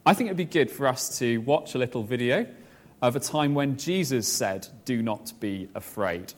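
A man's voice: mid-range voice, lively intonation, moderate pace. A man leading a children's talk, encouraging and praising the kids as he explains.

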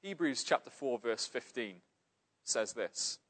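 A man's voice: mid-range voice, very animated, unhurried, pauses often, a bit bright. A man from Cardiff preaching a sermon in an earnest, emphatic way. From Cardiff, Wales.

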